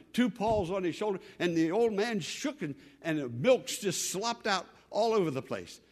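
A man, probably older, preaching a sermon with dramatic repetition and sudden swings between loud and soft. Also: high-pitched. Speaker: pastor.

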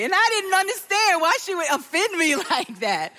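A middle-aged woman, a guest speaker giving a lively, animated sermon talk. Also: high voice, normal speed, in a large hall. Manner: animated and warm, with joyful outbursts.

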